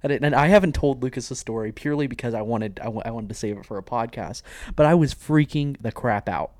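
A young man tells a story on his podcast in a middle-pitched voice, caught dry and close on the mic. He is chatty and lively, and he slips into little acted voices for the people he quotes. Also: fast talker, dry recording. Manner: animated storyteller who acts out quoted voices. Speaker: podcast co-host. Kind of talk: casual storytelling chat.

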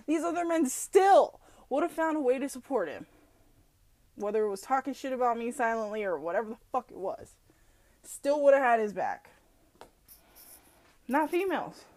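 A woman hosting a solo podcast, ranting bluntly with heavy swearing, laughing often and mocking people as she tells stories. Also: high voice. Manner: mocking, animated storytelling. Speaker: podcast host. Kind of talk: profane solo podcast rant.

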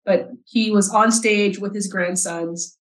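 A woman in her forties from South Texas, a podcast guest telling her personal story in an earnest, halting way with repeated words. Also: mid-range voice, steady tone. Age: 40s. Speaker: podcast guest, nonprofit CEO. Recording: roomy echo.

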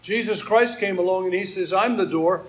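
A man's voice: sits high, moderate pace, a little hiss or hum, low-quality recording. An older man from Maryland preaching a sermon, telling a personal story and quoting scripture. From Maryland, USA. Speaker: pastor.

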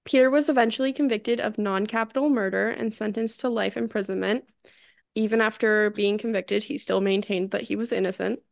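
A woman's voice: mid-range voice, fairly even intonation, a little fast, gravelly, dry recording, dull audio. A woman co-hosting a podcast, recounting a true-crime case in casual chat, often tripping over foreign names and laughing it off. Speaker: podcast co-host.

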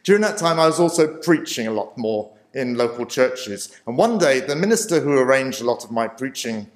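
A man's voice: medium pitch, expressive, normal speed. A man and preacher telling his life story as a personal testimony in a self-deprecating way, often chuckling. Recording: roomy echo.

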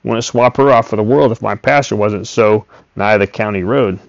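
A man's voice: on the low side, normal speed, vocal fry, no echo. A man voicing a talkative old male farmer and horse trader who coaxes in a folksy rural drawl. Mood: coaxing. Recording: dull, dry recording.

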